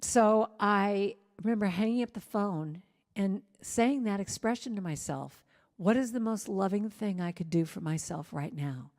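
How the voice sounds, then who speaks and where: A middle-aged woman speaker tells a personal story with candid, self-mocking humor. Her voice sits at an ordinary pitch and drops soft and quiet for gentle words. A long reverb trails her in a large hall. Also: unhurried. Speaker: reverend and singer-songwriter.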